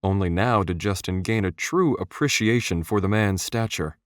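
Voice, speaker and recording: A man reads a fantasy audiobook in a steady, measured way. His voice sits fairly low and is recorded close, with no room sound at all. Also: dry recording. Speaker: audiobook narrator. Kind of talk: scripted narration. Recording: dry, close studio voice.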